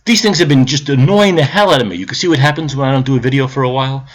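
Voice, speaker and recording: A very fast-talking man of medium pitch, a political vlogger, delivers a foul-mouthed political tirade at the camera, berating the viewer. As it goes on, he eases into a calmer, grumbling explanation.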